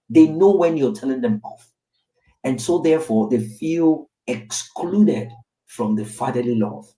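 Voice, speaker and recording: This Nigerian father in his thirties has a warm, mid-range voice. He tells his own story frankly in reflective, casual podcast talk, often adding "right?" to check in, and the distant mic gives the recording a roomy sound.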